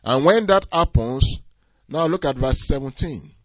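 A man preaching a sermon, swinging from quiet asides to loud, rising exhortation. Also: mid-range voice, expressive, unhurried, dry recording. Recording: dull, slightly lo-fi dry recording.

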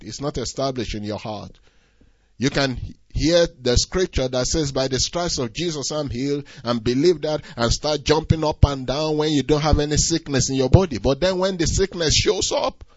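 A man's voice: mid-range voice, no room sound. A man preaching a sermon in an emphatic, repetitive cadence, often adding "you see". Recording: dull lo-fi recording.

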